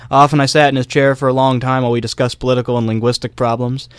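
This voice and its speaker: A man's voice: medium pitch, completely flat delivery, fast, clean tone, dry recording. A young man co-hosting a casual history podcast, telling a story loosely with fillers and small laughs. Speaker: podcast co-host.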